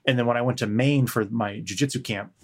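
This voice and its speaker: A man's voice: mid-range voice, fairly even intonation, quick pace. Rambling, casually swearing man chatting. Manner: rambling, meandering storyteller who swears casually. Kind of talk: casual chat.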